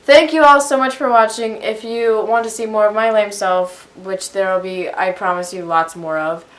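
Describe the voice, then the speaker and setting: A woman's voice: medium pitch, steady tone, moderate pace, fairly bright tone, reverberant. A young woman visiting a friend's channel, chatting in a goofy, blunt and jokey way. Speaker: guest friend. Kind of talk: casual chat with a friend. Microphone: camera on tripod.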